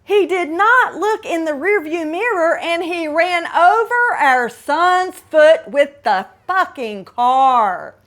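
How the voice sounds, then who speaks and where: A woman's voice: very high voice, animated, slow, hardly any pauses, a bit bright. A middle-aged woman hosting a podcast, candidly telling a personal story with dramatic asides. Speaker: podcast host.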